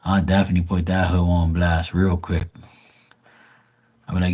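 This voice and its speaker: A man's voice: low voice, little pitch movement, normal speed, long pauses, darkish tone. A man hosting a live stream and chatting casually to his viewers, crude and boastful, rambling with lots of fillers. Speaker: live-stream host talking to chat.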